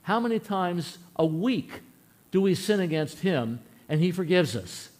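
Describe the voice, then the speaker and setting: A man's voice: high-pitched, darkish tone. A man preaching a sermon in an earnest, folksy way, telling a personal story and asking his listeners questions.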